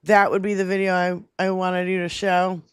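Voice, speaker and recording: A woman's voice: fairly low pitch, level tone, a little fast, clean tone, no room sound, studio quality. Profane, laughing woman co-hosting a stream. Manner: profane, laughs often, reads viewer comments. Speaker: livestream co-host. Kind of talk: casual political chat.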